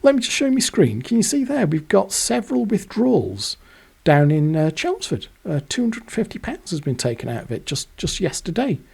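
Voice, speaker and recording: A man voicing a chirpy young female bank clerk who sounds brisk and helpful in a high, sing-song voice. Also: big pitch swings, gravelly, a little mellow, breathy edge, heavily acted.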